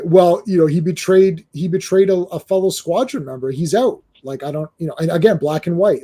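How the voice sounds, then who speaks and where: A man hosting a casual comic book discussion, animated, with stammering restarts and acted-out quotes. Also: high-pitched, brisk, few pauses, slightly rough. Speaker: comic book show host.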